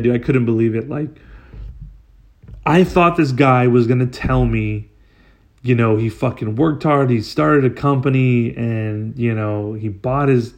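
Podcast guy ranting a story, swears constantly, exasperated, keeps blowing up into outbursts, average pitch. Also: a little slow, darkish tone. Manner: profane and exasperated, with rising outbursts. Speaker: podcast host. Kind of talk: casual comedic storytelling.

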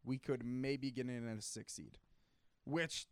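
A man's voice: mid-range voice, measured pace, no echo. Man losing his voice, arguing football. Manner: animated, trailing off and restarting, clears throat often. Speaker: sports talk co-host. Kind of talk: casual sports debate.

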